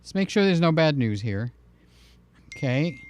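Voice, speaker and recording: A man hosting a camera channel live stream, talking casually in a chatty, jokey and animated way. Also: a little high, unhurried, a little hiss or hum.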